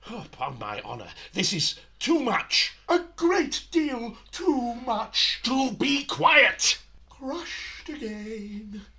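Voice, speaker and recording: A vain, self-pitying poet, as a man puts him on in a comic operetta, swooping through a lively, high range. He drawls slowly and theatrically, sulking and scoffing at everyone. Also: creaky, heavily acted. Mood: petulant. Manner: theatrical, petulant, high sung lines. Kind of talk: comic operetta, sung and spoken. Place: his room at home.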